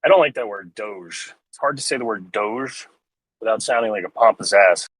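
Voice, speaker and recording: A man's voice: fairly low pitch, brisk, a bit bright, dry recording, rough recording. A man hosting a live crypto trading stream, chatting casually and joking wryly with a co-host. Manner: joking, chatty, wry asides. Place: inside a pharmacy store.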